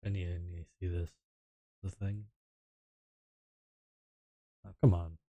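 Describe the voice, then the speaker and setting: A man's voice: sits low, flat delivery, slow, dark tone, no room sound, lo-fi sound. A male streamer chatting casually and meandering, often mumbling and trailing off. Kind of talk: casual livestream chat.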